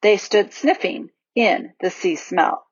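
A woman reading a children's novel aloud in a lively, expressive storybook narration, in a dull, dry recording. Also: mid-range voice, takes it slowly, breathy edge, no echo. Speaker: audiobook reader.

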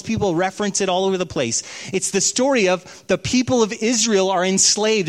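A man preaching a sermon, telling stories and slowing down for emphasis. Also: high voice. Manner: storytelling, slows down for emphasis. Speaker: pastor.

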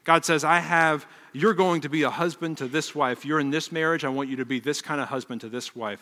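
A middle-aged man preaching a sermon with animated delivery, acting out quoted voices and dropping to a hush for emphasis. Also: on the high side, fairly quick, few pauses. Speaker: pastor. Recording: long reverb of a large hall.

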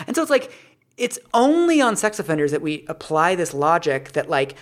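A woman co-hosting a casual discussion who talks in an animated, emphatic way and says "like" often. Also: sits low, moderate pace.

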